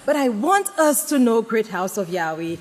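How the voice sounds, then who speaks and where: A woman giving a dramatic, humorous sermon-style talk to a congregation, swinging between loud exclamations and hushed tones and often asking the audience questions. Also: fairly high pitch, very animated, moderate pace. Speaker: speaker at a women's presentation to a congregation. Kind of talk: preaching with humorous storytelling. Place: congregation gathering.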